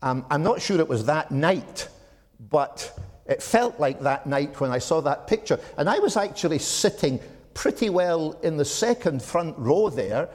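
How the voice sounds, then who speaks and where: A Scottish man in his seventies giving a measured, reflective talk to a church audience, with frequent ums. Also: a little high, sing-song, darkish tone. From Scotland. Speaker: speaker at a church gathering. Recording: long hall reverb.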